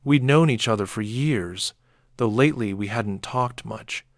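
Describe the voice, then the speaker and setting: A man narrating a first-person horror story in a measured, dark way. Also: mid-range voice, no echo, studio quality.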